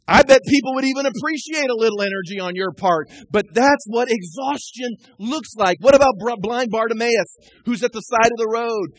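A man preaching a sermon as a pastor, impassioned, swinging from shouts down to low, quiet passages. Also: fairly quick, few pauses, dry recording, poor audio.

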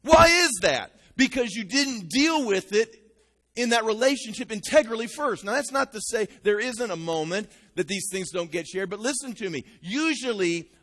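A male pastor preaching an animated sermon, talking straight to his congregation. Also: high-pitched, long reverb tail.

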